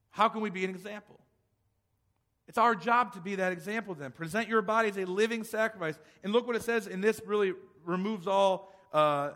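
A man's voice: high-pitched, sharp tone. A male pastor preaching a sermon, emphatic, asking rhetorical questions and restarting phrases as he goes. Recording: long hall reverb.

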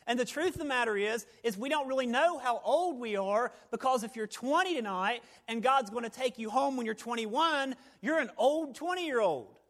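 Male pastor, very high voice, folksy, animated evening sermon with hushed drops. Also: normal speed, few pauses. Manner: animated preaching that drops to near-whispers; folksy, joking asides. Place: church sanctuary, evening service.

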